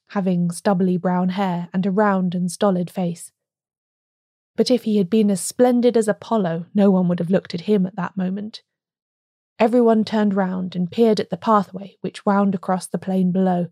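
A woman narrating a story in a steady, even reading style. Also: medium pitch, dry recording, studio quality. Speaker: audiobook narrator. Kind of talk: scripted narration.

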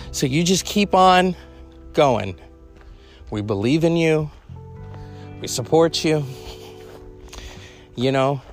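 A speaker from California delivering an angry political rant to the camera, sarcastic and profane, firing off rhetorical questions. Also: mid-range voice.

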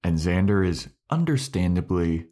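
A man's voice: low-pitched, very animated, normal speed, warm tone. A man co-hosting a TV recap podcast in casual chat, retelling scenes bluntly and swearing freely. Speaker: podcast co-host.

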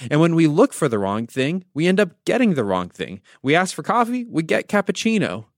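A man's voice: fairly high pitch, big pitch swings, brisk, no echo, studio quality. A man hosting a devotional podcast, teaching with storytelling and wry asides. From United States. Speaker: podcast host.

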